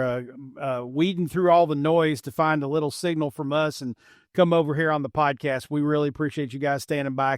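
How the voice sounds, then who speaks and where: A middle-aged man from Appalachian Kentucky with a light Kentucky twang, hosting a podcast in a relaxed, rambling, self-deprecating way. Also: on the high side, no room sound, studio quality. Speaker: podcast host. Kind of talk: casual podcast chat.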